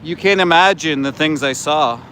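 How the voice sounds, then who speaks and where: A man's voice: on the high side, moderate pace, sharp tone, a little hiss or hum. A middle-aged man doing livestream commentary outdoors, blunt, profane and indignant. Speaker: animal rights activist, livestreamer. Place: outdoors by a roadside.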